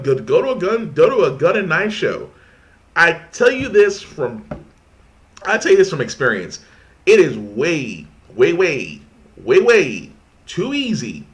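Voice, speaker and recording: A man ranting in casual commentary, animated and repeating himself for emphasis. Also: on the high side.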